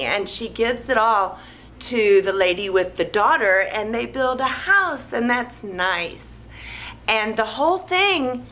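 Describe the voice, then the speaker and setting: A woman retelling a movie plot in a rambling, deadpan, naive way, with lots of "like" and "you know". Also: medium pitch, rough recording. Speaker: movie recapper.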